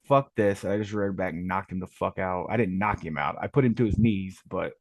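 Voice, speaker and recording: A man on a call-in show with a lowish voice and a dry, close sound. He rambles through his stories, swearing constantly and repeating himself as he goes. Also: fairly quick, no room sound. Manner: profane, rambling storytelling. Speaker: caller. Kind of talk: casual call-in chat.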